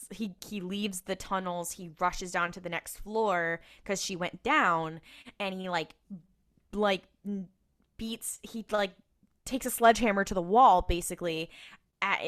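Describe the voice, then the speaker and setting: A woman co-hosting a podcast, casually recapping a TV episode with lively voiced asides for the characters. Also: mid-range voice. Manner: animated storytelling with quick voiced impressions of characters. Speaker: podcast co-host.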